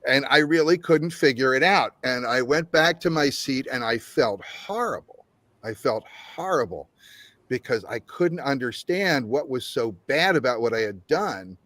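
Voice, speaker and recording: A man's voice: mid-range voice, normal speed, no room sound. An older man, a game developer guest, telling a long story in an interview with frequent laughs and acted-out quotes. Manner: animated storyteller, laughs often, acts out quotes.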